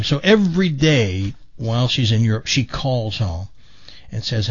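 A man's voice: mid-range voice, big pitch swings, fairly quick, lo-fi sound. A man hosting a talk radio show, chatting folksily with plenty of fillers and telling a joke.

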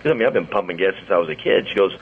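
A man in his sixties chats as the host of a radio talk show, his voice sitting low. He tells stories in a loose, rambling way. The sound is a bit dull, with faint hiss behind it. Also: lively intonation. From St. Louis. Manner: chatty storyteller, quick asides. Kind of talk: casual radio chat. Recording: muffled studio audio with faint hiss.

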